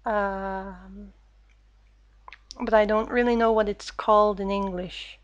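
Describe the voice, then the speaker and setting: Woman vlogger, casual and hesitant, slow flat delivery, muffled lo-fi sound. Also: medium pitch. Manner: hesitant, many filler pauses. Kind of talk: casual talk to camera.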